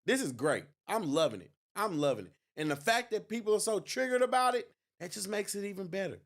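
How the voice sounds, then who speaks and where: A man hosts an election night political livestream, gloating, mocking and laughing often. His voice sits high, with lively intonation and a brisk pace.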